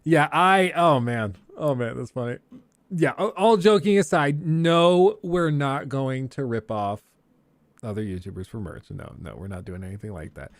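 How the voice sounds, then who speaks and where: A man's voice: mid-range voice, normal speed, no echo, clean studio sound. Joking, laughing male streamer. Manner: rambling, joking, laughs often. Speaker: live stream host. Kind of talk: casual chat with live chat viewers.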